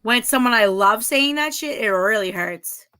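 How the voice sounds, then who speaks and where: A woman's voice: fairly high pitch, animated, normal speed, pushed and bright, smooth. A woman in her thirties hosting a casual livestream, reading viewer comments aloud and chatting, giggling often. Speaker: livestream host.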